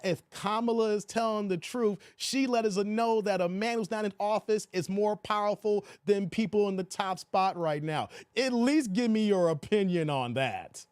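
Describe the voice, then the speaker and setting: A man hosting a live stream, commenting casually and talking back to his chat, animated and laughing often. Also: sits high, normal speed, hardly any pauses, smooth, no room sound.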